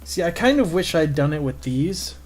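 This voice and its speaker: A man's voice: big pitch swings, normal speed, a little mellow, soft background music. Man mumbling casually while inking. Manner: rambling, low-key asides to himself. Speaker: cartoonist streaming his inking. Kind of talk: casual talk while drawing.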